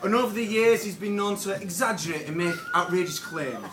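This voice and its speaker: A man's voice: high voice, brisk, background noise. A young man giving a best man speech at a wedding, joking and a little nervous. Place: wedding reception room with guests. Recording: roomy hall from far off, loud crowd.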